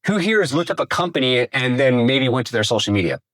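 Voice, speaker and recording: A man giving a casual, energetic workshop talk on real estate marketing, asking the audience questions and swearing now and then. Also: medium pitch, fast talker. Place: room with a live audience.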